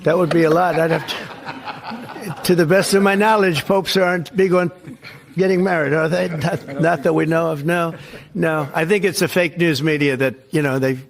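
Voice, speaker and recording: A man answering press questions, halting and repeating words in a dismissive way. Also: on the high side, fairly even intonation, gravelly. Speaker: politician taking press questions.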